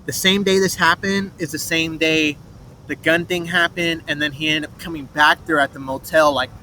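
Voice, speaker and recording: Brief: young man, slightly high voice, rambling swearing storyteller, outdoor traffic noise. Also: steady tone, normal speed, bright, forceful tone. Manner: rambling, restarts, swears, mimics others' voices in quotes. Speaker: vlogger telling a personal story. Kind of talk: rambling first-person storytelling. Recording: noisy street, traffic behind.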